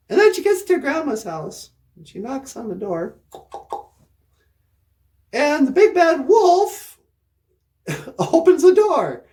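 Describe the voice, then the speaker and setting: A woman's voice: sits high, warm tone. A woman hosting a show, telling a children's story in a rambling way with sarcastic asides. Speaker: host. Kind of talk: comic storytelling.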